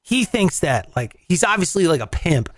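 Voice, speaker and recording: A man hosting a show, telling a story in casual, profane, animated chat and acting out the voices in it. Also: on the high side, normal speed, dry recording. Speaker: radio show host. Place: in Las Vegas.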